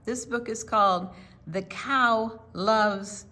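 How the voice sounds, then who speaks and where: An older woman reading a children's picture book aloud at a library story time. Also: mid-range voice. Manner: slow, animated read-aloud. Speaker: storytime reader.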